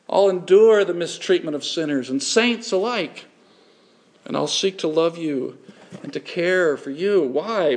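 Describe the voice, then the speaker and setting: A middle-aged male pastor preaching a sermon in an earnest way, building to emphatic repetition. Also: fairly high pitch.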